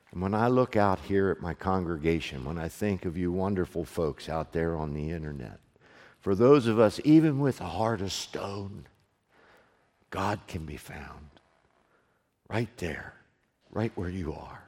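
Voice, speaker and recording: Man, pastor, sermon, low-pitched, hushed to loud preaching, long church reverb. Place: church sanctuary, also streamed online.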